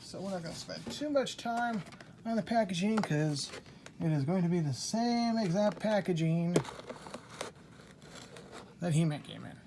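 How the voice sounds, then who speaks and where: Gravelly-voiced man unboxing toys. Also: high voice, a little slow, pauses often, noisy background. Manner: chatty and excitable, talking to himself while opening boxes. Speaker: toy collector host. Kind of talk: casual unboxing commentary.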